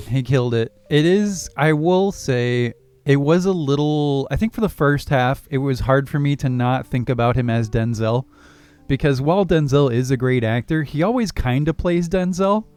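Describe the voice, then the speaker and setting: A man co-hosting a movie podcast, leading the discussion in a relaxed, measured way with easy laughs. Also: mid-range voice, clean tone, no room sound. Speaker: podcast co-host. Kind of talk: casual film discussion.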